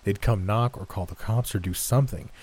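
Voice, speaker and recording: A man reading a horror story aloud in a slow, tense, dramatic way. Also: fairly low pitch, darkish tone. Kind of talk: scripted narration.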